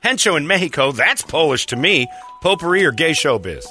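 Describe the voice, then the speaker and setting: A man hosting a radio call-in quiz, joking and quick to call out answers. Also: on the high side, sing-song, sharp tone, faint music behind. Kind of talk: playful radio banter.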